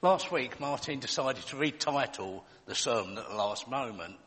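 A man's voice: mid-range voice, lively intonation, moderate pace, a bit bright. A man preaching a sermon in a conversational way, with jokes and asides to the congregation. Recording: long hall reverb.

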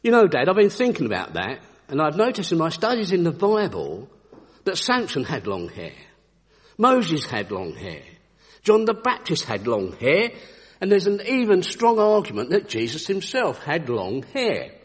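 Man as a sharp earnest teen boy, husky, echoey room. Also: a little high, wildly swooping pitch, moderate pace, full character voice. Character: clever teenage boy arguing with his father. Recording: long echoey reverb.

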